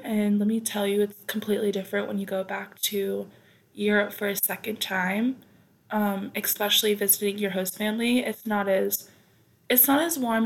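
Chatty young American woman with a gravelly edge. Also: medium pitch. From United States. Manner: chatty, rambling, with many fillers and asides. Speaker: podcast host. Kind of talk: casual storytelling.

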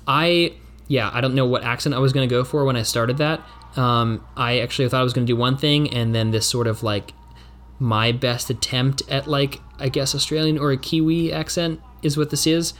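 A man's voice: medium pitch, steady tone, moderate pace, fairly bright tone. A man from the United States narrating and thinking aloud through a solo tabletop game, with many fillers and restarts.

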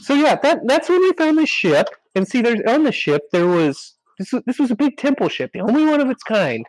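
A man playing in a tabletop game, talking in a lively, animated way. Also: extremely high pitch, brisk, no echo, low-quality recording. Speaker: player. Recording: dry close sound.

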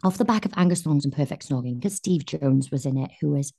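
Welsh woman, young adult, low and mellow voice, animated raconteur who jumps into quoted voices. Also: gravelly. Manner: animated storyteller, acts out quotes, quick bursts. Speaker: actress guest. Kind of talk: anecdotal podcast chat.

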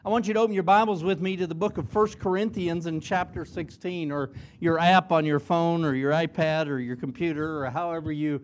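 A man, middle-aged or older, preaching an earnest chapel sermon to students, often repeating a word as he starts a phrase. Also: high-pitched. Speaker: college president preaching in chapel. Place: chapel service before students.

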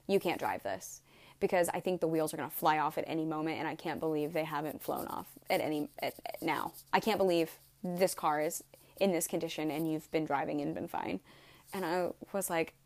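A woman's voice: low voice, a little fast, a little mellow. A woman in her twenties telling a rambling story to camera, swearing freely and saying "like" constantly. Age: 20s. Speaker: vlogger. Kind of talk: casual storytelling vlog.

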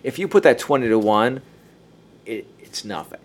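A chatty man leading a relaxed group conversation, mixing in passages he reads aloud. He laughs easily and often starts a sentence over. His voice sits at an ordinary middle pitch. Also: moderate pace. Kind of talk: casual group discussion with some reading aloud.

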